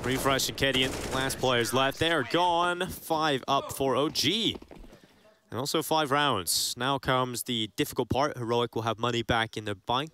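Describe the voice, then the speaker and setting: A man doing play-by-play commentary on an esports match, building to excited calls on big plays. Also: mid-range voice.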